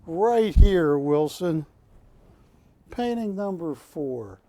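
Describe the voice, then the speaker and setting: Slow, rambling TV shopping host man. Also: fairly high pitch, expressive, dark tone. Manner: rambling, jokey, self-correcting. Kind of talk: live sales pitch. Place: TV shopping studio.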